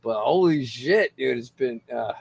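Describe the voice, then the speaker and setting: A man's voice: mid-range voice, animated, a little slow, creaky, a little mellow, breathy edge. A tipsy man hosting a casual livestream, rambling and swearing between laughs. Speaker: livestream host.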